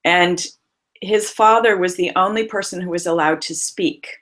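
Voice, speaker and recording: Expressive lower-voiced woman voice coach. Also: normal speed. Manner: expressive, demonstrates voices, laughs often. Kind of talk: interview guest telling client stories.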